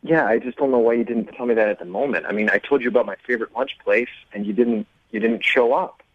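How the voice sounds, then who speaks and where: A man's voice: medium pitch, fast talker, no echo. Earnest wounded man on a muffled phone line. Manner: earnest, wounded, overly sentimental. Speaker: caller. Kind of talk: phone call on radio.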